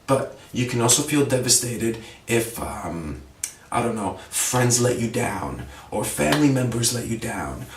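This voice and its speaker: Male ESL podcast host, mid-pitched, conversational, recorded a little off-mic in a roomy space. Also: big pitch swings, measured pace, far from the mic, noisy background. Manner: conversational, frequent "okay?" check-ins, acts out example phrases. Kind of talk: casual vocabulary lesson.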